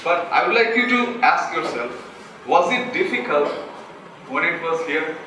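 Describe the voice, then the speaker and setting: A man's voice: a little high, animated, a little slow, far from the mic, noisy background. Young Bangladeshi man in an echoey hall. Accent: Bangladeshi English. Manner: earnest, self-deprecating, asks the audience. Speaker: student speaker. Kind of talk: motivational talk.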